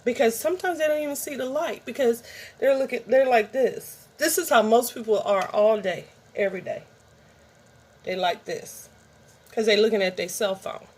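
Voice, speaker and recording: A woman's voice: on the high side, normal speed, breathy edge. A middle-aged woman vlogger in a rambling, chatty show-and-tell, talking straight to her viewers. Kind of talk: casual show-and-tell vlog.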